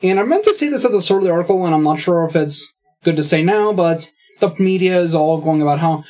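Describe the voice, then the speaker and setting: Husky, sarcastic man ranting. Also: on the high side, animated, fast talker, a little mellow, dull audio. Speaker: podcast co-host. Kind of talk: casual podcast chat.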